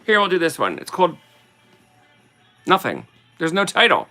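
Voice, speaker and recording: A woman with a bright, lively voice reads short Christmas poems in a slow, sing-song way. Her tone has a gravelly edge, and she drops into loose, chatty asides between the verses. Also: lowish voice, faint music behind. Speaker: vlogger. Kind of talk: casual reading of Christmas poems.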